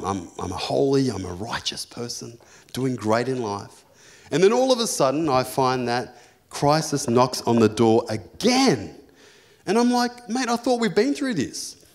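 An Australian man preaching as a pastor, telling jokey personal stories that build into loud, fervent preaching. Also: lowish voice. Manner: storytelling, jokey and lively, rising to loud preaching. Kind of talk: sermon.

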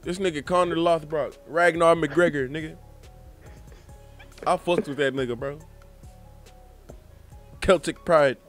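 A man's voice: fairly high pitch, measured pace, pauses often, faint music behind. A man hosting a podcast in casual, profane chat, acting out quotes with gusto. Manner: animated, profane, quotes clips with relish. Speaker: podcast host.

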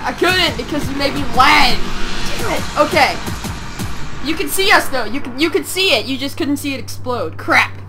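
A young woman hosting her own gaming channel, giving excitable gameplay commentary, shouting commands, swearing and laughing at her co-player. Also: high-pitched, normal speed, music in the background.

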